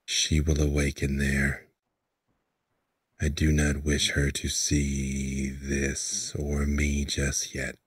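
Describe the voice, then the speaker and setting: A man voicing a weary, grieving noble lord who speaks slowly, gravely and softly. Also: very deep voice, dry recording, studio quality, far from the mic, pitched below the performer's own voice, exaggerated voice. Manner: slow, grave and hushed.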